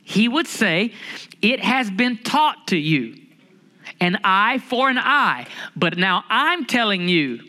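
A man preaching a sermon, lively and humorous, stretching out key phrases for emphasis. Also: high voice, slow. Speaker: pastor.

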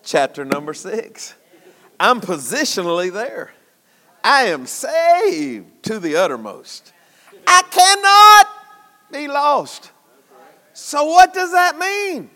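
A man preaching a sermon in a church, folksy, at times shouting and at times dropping low. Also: wildly swooping pitch, slow pace, in a large hall.

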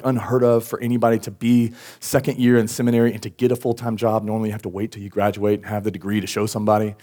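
A man's voice: fairly low pitch, darkish tone. A young man, telling a personal story in a church sermon, talking casually with many "like"s and "um"s and an occasional sigh. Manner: conversational, frequent "like" and "um", sighs. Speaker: worship pastor. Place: church service.

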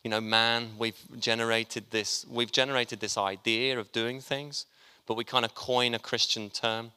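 A man's voice: mid-range voice, steady tone, measured pace, pushed and bright, smooth. A man preaching a sermon, chatty and joking with his congregation as he talks. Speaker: pastor. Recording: long hall reverb.

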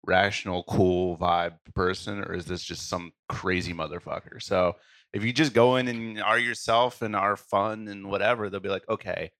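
A man's voice: sits low, fairly even intonation, normal speed, a bit bright, no echo, clean studio sound. A man co-hosting a casual music review podcast, laughing often and giving earnest advice. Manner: giggly, gives earnest advice. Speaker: podcast co-host. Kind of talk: casual chat.

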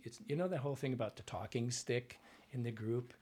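A Canadian man, a dialect coach, telling animated anecdotes in a relaxed interview and acting out other people's voices. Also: medium pitch, brisk, few pauses, breathy edge. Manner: animated anecdotes, acts out voices, frequent fillers. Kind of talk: conversational interview storytelling.

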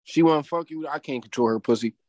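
A man with a high voice who talks at a rapid clip. He co-hosts a casual podcast chat. His manner is blunt, defiant and profane. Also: a little mellow. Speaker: podcast co-host.

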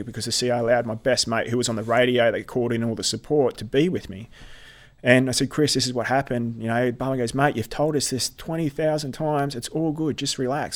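A middle-aged man, a military veteran telling his story in an earnest, halting way with many restarts. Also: mid-range voice. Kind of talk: personal storytelling in conversation.

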